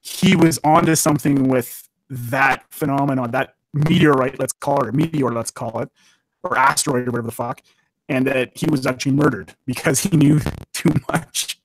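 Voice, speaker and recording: A man's voice: mid-range voice, moderate pace, no room sound, rough recording. A man from Canada, a guest on a casual podcast, rambling and swearing as he laughs at his own jokes.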